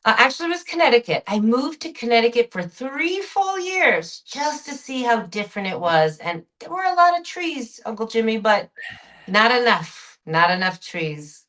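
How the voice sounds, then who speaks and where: A woman being interviewed on a podcast, telling stories in an animated, expressive way. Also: fairly high pitch, moderate pace. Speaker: podcast guest. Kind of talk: conversational interview.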